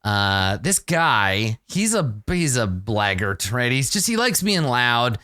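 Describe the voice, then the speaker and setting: A man narrating as game master of a tabletop game, animated and quick to laugh. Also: mid-range voice, dry recording, clean studio sound. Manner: animated, laughing often, halting with restarts.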